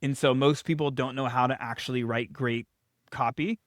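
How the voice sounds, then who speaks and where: A man in his thirties giving casual business coaching advice straight to camera, talking loosely with fillers and quick restarts. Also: medium pitch, steady tone, dry recording, clean studio sound. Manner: conversational, frequent fillers and restarts.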